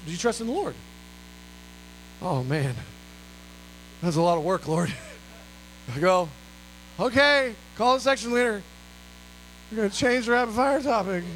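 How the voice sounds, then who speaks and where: Male pastor, high voice, animated sermon storytelling, faint hum behind. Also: rough recording.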